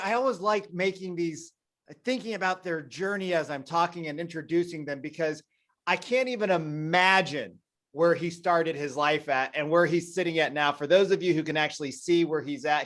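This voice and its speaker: Brief: male podcast host, high voice, chatty and enthusiastic, loose rambling intro. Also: fairly bright tone. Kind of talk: casual interview intro.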